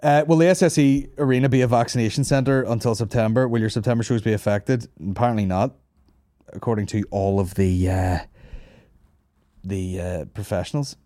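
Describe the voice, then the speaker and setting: A man's voice: lowish voice, steady tone, brisk, dark tone, no room sound, studio quality. A man hosting a comedy podcast, rambling through crude, sweary jokes in casual banter. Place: podcast studio.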